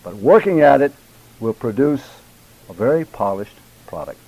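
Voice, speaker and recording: Man, mid-pitched, instructor lecturing a church speaking class; deliberate, emphatic, carefully enunciated delivery. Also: sing-song, darkish tone, poor audio. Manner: addresses class members by name.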